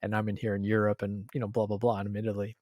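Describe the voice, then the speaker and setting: A man's voice: fairly low pitch, completely flat delivery, very fast, darkish tone, dry recording, studio quality. A middle-aged Canadian man co-hosting a podcast, chatting casually and telling stories animatedly, mimicking others and laughing often. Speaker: podcast co-host. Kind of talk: casual chat.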